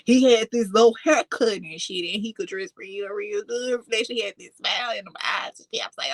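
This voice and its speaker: A woman telling a casual, profane storytime tale, full of animated asides and sudden high excited squeals. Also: fairly quick, hardly any pauses, no echo. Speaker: storytime vlogger.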